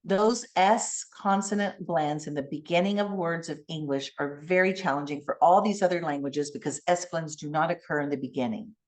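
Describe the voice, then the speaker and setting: A middle-aged woman giving a conference keynote, teacherly and animated, coaching the audience through speech sounds. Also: sits low, moderate pace, few pauses. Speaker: keynote speaker.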